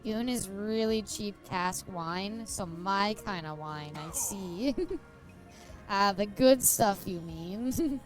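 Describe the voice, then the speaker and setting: A woman's voice: medium pitch, takes it slowly, faint music behind. A young woman streamer chatting casually while playing, giggling often and swearing freely.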